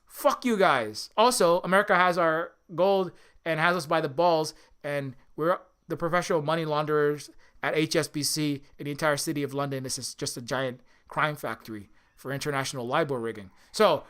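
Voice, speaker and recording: High-voiced man on a profane political rant. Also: moderate pace, pushed and bright. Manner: profane, rambling, many restarts. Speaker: indie game developer and commentator. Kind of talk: ranting political commentary.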